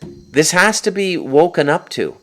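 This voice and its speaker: A man's voice: on the high side, sing-song, unhurried, fairly bright tone. A man delivering a spoken monologue as host, insistent and peppering his points with a questioning "okay?". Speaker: host and author.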